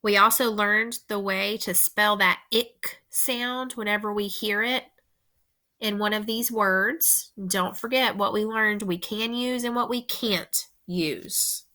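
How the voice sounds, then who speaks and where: A woman teacher slowly dictating a spelling test to young students, repeating each word with careful, deliberate instructions. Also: mid-range voice, fairly even intonation, pushed and bright.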